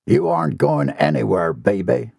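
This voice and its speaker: A wealthy older villain talks down to a woman with smooth, patronizing calm, as a male reader plays him. His voice is gravelly and husky. It is recorded close and dry. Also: mid-range voice, moderate pace, no echo, heavily acted. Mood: smug.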